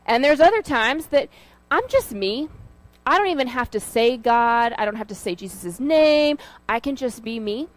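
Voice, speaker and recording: A woman's voice: fairly high pitch, lively intonation, normal speed, dry recording, rough recording. A woman giving an informal sermon, talking in a conversational, storytelling way with fillers and asides. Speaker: lay preacher.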